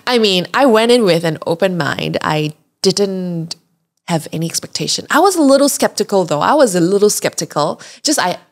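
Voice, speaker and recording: A woman's voice: fairly low pitch, gravelly. A young adult woman hosting a podcast, casually and animatedly telling a travel story with frequent laughs and fillers. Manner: chatty and animated, many "like"s and laughs. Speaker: podcast host.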